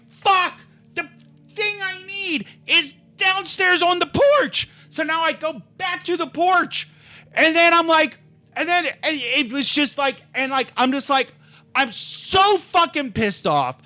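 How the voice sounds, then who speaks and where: Livestreamer, casual storytelling, profane, rambling, bright voice, very animated pitch. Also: unhurried.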